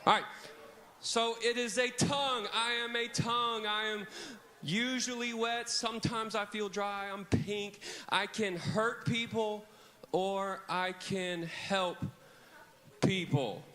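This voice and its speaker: A man's voice: sits high, steady tone, takes it slowly, bright, forceful tone. A man preaching a children's camp sermon in a church hall, leading kids in call-and-response on a handheld mic. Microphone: handheld microphone.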